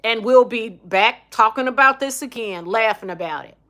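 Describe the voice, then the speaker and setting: A woman's voice: fairly high pitch, moderate pace, sharp tone. A middle-aged woman hosting a casual opinion livestream, blunt and emphatic, reading viewer comments. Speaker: livestream host.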